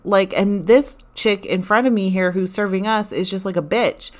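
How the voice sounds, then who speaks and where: A woman's voice: mid-range voice, moderate pace, hardly any pauses. A woman vlogger telling a casual story in a chatty, candid way that often turns exasperated. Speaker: vlogger recounting a theme park trip.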